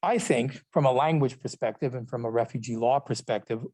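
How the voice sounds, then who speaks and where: A man's voice: mid-range voice, fairly quick, darkish tone. A man, a professor, giving a lecture, reading prepared text with small asides and self-corrections. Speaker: literature and law professor. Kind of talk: recorded lecture.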